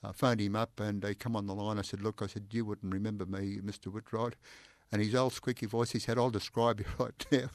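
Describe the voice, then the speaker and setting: An older Australian man recounts his police days in an animated, anecdotal style, stacking "I said" on top of each other and laughing as he goes. His voice sits fairly low, and the sound is dry and close. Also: fairly quick, few pauses, no echo. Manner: animated, repeats "I said" often, laughs while telling. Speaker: interview guest, former police inspector. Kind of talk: anecdotal storytelling in conversation.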